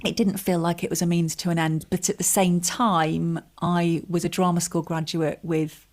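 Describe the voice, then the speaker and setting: This is a woman talking through her early career on a podcast. Her voice sits a little low, and she tells her stories in a relaxed, self-mocking way, laughing now and then. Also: moderate pace. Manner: chatty, self-deprecating, laughs while telling stories. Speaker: comedian and writer, guest. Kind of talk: relaxed interview chat.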